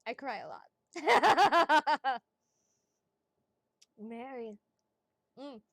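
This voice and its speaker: A woman reading as a psychic in a casual livestream chat, chatty and excitable, laughing often and swearing casually. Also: on the high side, moderate pace, no echo. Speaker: psychic reader.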